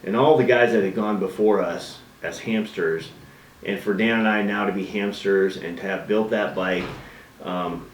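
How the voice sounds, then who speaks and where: A man telling a lively story about his early days building custom bikes, acting out voices and engine noises in casual chat. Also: fairly low pitch, normal speed, roomy sound, recorded from a distance, a little hiss or hum, poor audio.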